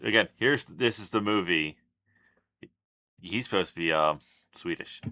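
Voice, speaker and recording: A man with a very low voice and a bright, forceful edge comments on a video as he watches it. He thinks out loud, trails off and jumps in with casual asides. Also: unhurried. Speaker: reaction channel host.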